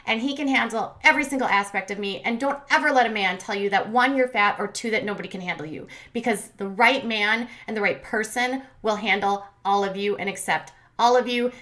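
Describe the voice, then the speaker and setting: A woman's voice: medium pitch, bright, forceful tone. A woman in her thirties hosting a casual reality TV recap, sassy and blunt, mocking the cast in put-on voices. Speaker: commentary channel host.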